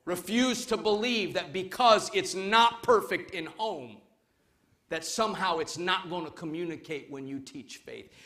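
A male pastor with a high, bright voice preaches slowly in a church before his congregation. He is emphatic, moving from loud calls to hushed urging. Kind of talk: sermon.

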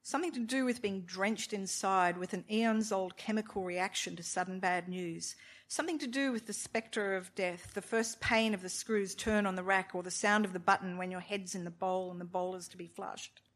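A woman reading a novel aloud in a measured, expressive storytelling manner, with occasional asides to her listeners. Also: medium pitch. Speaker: reader of a novel.

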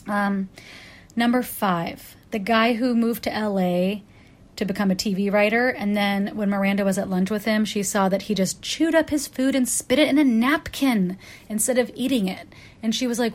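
A woman talks through her favorite and least favorite moments in a relaxed countdown. Her delivery is wry and chatty, with plenty of "um"s and quick self-corrections. Now and then she jumps into a short, lively impression of someone she is quoting. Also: medium pitch. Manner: acts out quoted characters in bursts. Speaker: pop culture commentator. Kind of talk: casual list countdown monologue.

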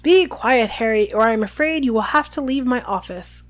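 A woman playing an unhurried, kindly old male headmaster who sounds gently amused. Her voice rises and falls in a lively way, like a storybook read aloud. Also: a little high, close to an everyday voice. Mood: calm.

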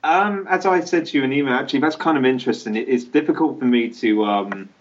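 A man's voice: medium pitch, fast, dull audio. A man co-hosting a podcast, talking in a hesitant, self-deprecating way and laughing easily in casual chat. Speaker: podcast co-host.

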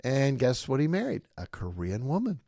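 Emphatic pastor hosting a podcast, dry sound. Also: male voice, medium pitch, moderate pace, dry recording. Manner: emphatic, often asks "okay?" and acts out quotes in lively voices. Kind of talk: podcast monologue.

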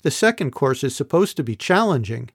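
A man's voice: medium pitch, big pitch swings, fairly quick, husky, no echo, clean studio sound. A man voicing a boastful young male trainee in an audiobook.

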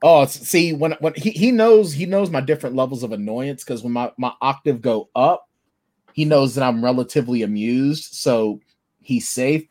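A man's voice: mid-range voice, normal speed. A man chatting casually and telling stories with lots of laughter. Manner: animated, laughing storyteller. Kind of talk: casual chat.

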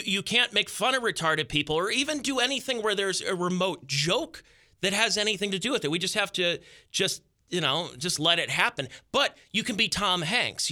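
A man's voice: high voice, pushed and bright. A man co-hosting a podcast, arguing his point in a rambling, casual way. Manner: argumentative, rambling. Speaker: podcast co-host. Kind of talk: casual chat.

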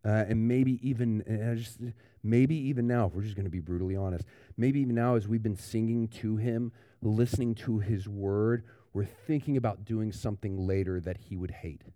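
A male pastor delivering a sermon in a relaxed, conversational style, often restarting his sentences. His voice has a mellow, warm tone. The sound is close and dry, with little room around it. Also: fairly low pitch, normal speed, no echo. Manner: conversational preaching with fillers and restarts.

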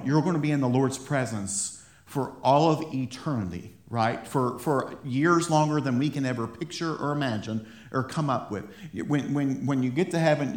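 A man preaching a sermon in a church, fired up and stumbling over his words in quick restarts. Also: mid-range voice. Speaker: pastor. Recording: roomy echo in a church.

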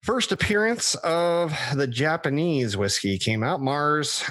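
A man's voice: on the high side, lively intonation, slow pace, a bit bright, no room sound. A man hosting a casual podcast, chatty and reading off a list with frequent restarts. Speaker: podcast host. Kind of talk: casual chat.

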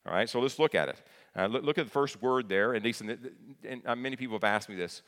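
A man's voice: medium pitch, fast talker, fairly bright tone. A man preaching a sermon as pastor, conversational and plain-spoken, often repeating key phrases for emphasis. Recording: long hall reverb.

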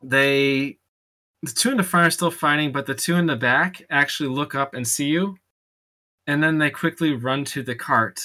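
A man's voice: fairly high pitch, moderate pace, bright, forceful tone. A man narrating as dungeon master in a loose, chatty way, often laughing between descriptions. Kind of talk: narrating a tabletop game.

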